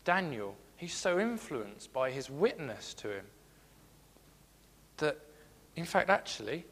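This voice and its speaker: A man's voice: fairly high pitch, sing-song, slow, a bit bright, husky, long reverb tail. A man giving a sermon, earnest and repeating his key phrases as he reads scripture aloud. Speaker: preacher.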